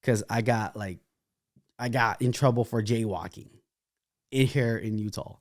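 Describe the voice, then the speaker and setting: A young man from California, a dancer, telling lively stories in a casual interview with laughing asides and restarts. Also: medium pitch, unhurried, no echo, studio quality.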